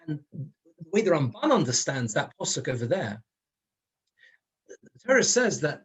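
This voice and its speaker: A man's voice: fairly high pitch, sing-song, unhurried, long pauses, fairly bright tone, breathy edge. A man, a rabbi, giving a Torah lesson in an explanatory way, stressing his points. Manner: explanatory, rises and falls with emphasis. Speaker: rabbi teaching a weekly Torah class.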